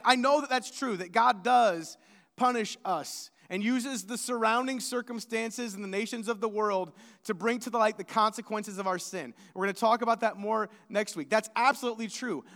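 A man delivers a sermon in a strikingly high voice, earnest and conversational, stumbling and restarting his words now and then. His voice rings out with a long reverb from the church hall. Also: a bit bright. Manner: earnest, with frequent restarts and stammers. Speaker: pastor.

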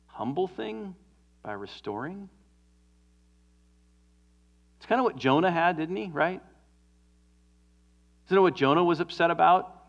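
Earnest preacher man with a muffled sound. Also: fairly high pitch. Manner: earnest, swings from emphatic to hushed. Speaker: pastor. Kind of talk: sermon.

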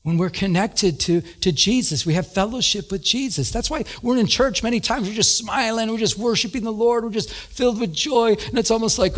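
A man preaching a casual radio sermon, animated, often laughing and acting out little scenes. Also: high voice, fairly quick. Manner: animated, laughs and acts out beeping and dialogue. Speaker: pastor.

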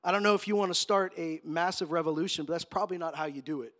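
A man preaching a sermon in an animated way, acting out the quotes with joking asides. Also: a little high, quick pace. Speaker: pastor.

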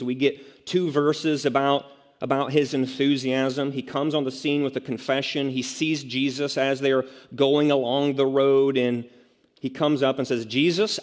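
A pastor delivers a sermon in a relaxed, chatty way, breaking into self-deprecating jokes and acting out the people he describes. His voice sits at an ordinary pitch for a man. The sound carries the long reverb of a large hall. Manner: conversational, self-mocking asides, acts out quotes.

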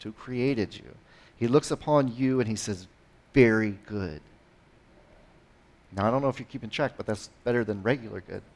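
A man preaching a sermon in a conversational style, rising and dropping in loudness and pitch, with frequent "right?" asides. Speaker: pastor.

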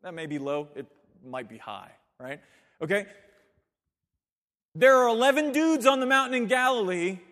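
Male pastor, high voice, emphatic sermon delivery, live church reverb. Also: very animated, normal speed, long pauses, fairly bright tone. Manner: emphatic preaching, conversational asides. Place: church sanctuary.

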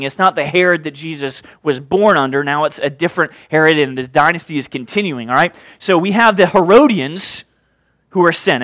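A male preacher giving a sermon, retelling a scripture story in a casual, joking, animated way. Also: on the high side, no echo.

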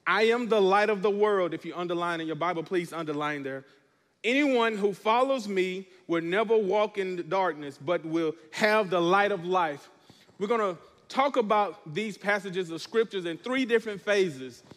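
A man's voice: high voice, moderate pace, fairly bright tone, big-room sound. A man preaching a sermon as pastor, reading scripture and calling on the congregation to respond. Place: church.

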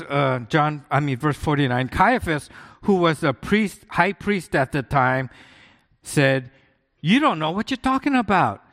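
A man's voice: fairly high pitch, creaky, fairly bright tone. A male pastor giving a sermon in a conversational way, often asking his listeners rhetorical questions. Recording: long hall echo.

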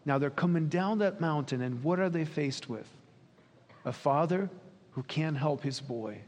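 A man gives a sermon to a congregation, earnest and full of questions. His voice sits a little high. It rings out in a hall with a long, lingering reverb. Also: a little slow, darkish tone. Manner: earnest, questioning, acts out quoted dialogue. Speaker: pastor.

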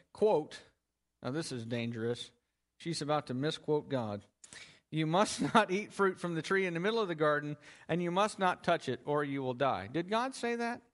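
A man's fairly high, fairly bright voice carries an expository sermon on a Bible passage. He keeps asking the listeners questions and answering them himself, stressing key words as he goes.

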